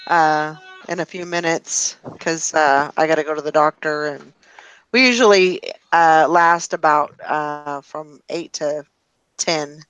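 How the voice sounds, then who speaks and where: A woman hosting a casual group chat on a live call, talking in a relaxed, rambling way with plenty of fillers. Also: deep voice, slow, slight background noise, rough recording. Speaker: host.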